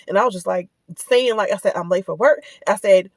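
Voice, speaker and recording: A woman's voice: mid-range voice, moderate pace, creaky, no room sound. Indignant woman ranting about her day. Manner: indignant, heated, repeats herself while retelling. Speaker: parent telling a personal story. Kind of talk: casual ranting vlog.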